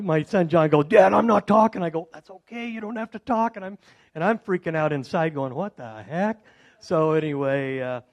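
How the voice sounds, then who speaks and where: Halting middle-aged man telling a testimony. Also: medium pitch. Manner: rambling and halting, with many fillers and restarts; animated when retelling exciting moments. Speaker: insurance man giving a testimony. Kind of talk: personal testimony talk.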